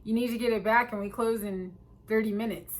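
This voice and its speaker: A woman doing a calm, unbothered kayak rental lady. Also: on the high side, fairly quick, close to an everyday voice. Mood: dismissive. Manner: flat, matter-of-fact refusal.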